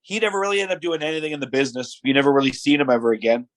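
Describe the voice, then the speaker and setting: Talking very fast in a mid-range voice, a middle-aged podcast guest relates stories in an easygoing chat, acting out quotes with voices. His speech is full of "like" and "you know." The recording sounds dry and rough.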